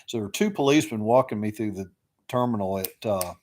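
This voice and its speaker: A man's voice: lowish voice, expressive, fast, darkish tone, slight background noise. A middle-aged man, casually rambling through stories on a live chat, with lots of fillers. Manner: rambling, drawling with many fillers. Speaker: live stream host.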